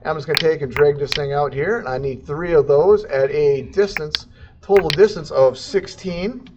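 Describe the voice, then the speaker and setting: A man with a high voice walks through a CAD tutorial in a loose, goofy way, scatting little sound effects between steps. The recording is dull and lo-fi, with a faint hiss underneath. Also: moderate pace. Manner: goofy, jokey, sound effects and silly accents. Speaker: CAD instructor. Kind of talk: casual screen-recorded tutorial.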